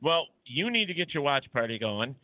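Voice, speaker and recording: A man's voice: medium pitch, sing-song, moderate pace, no room sound, narrow, tinny audio. A man hosting a paranormal talk radio show, joking and stumbling over his words. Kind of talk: casual chat.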